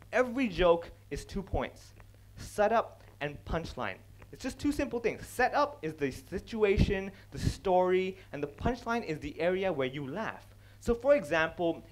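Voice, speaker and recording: A young man giving a stand-up style talk on comedy, animated and acting out other people's lines as he speaks. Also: fairly high pitch. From India. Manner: animated, acts out other people's lines, laughs at own jokes. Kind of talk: stage talk on comedy, switching between English and Cantonese.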